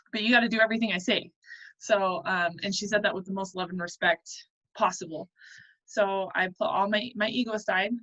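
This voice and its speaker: A woman in her thirties speaks as host of a business mastermind call, earnest and conversational, leaning on ums and uhs. Her voice sits in an ordinary middle pitch. The call audio comes through a bit dull and lo-fi. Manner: earnest and chatty, with many fillers. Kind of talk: casual motivational talk.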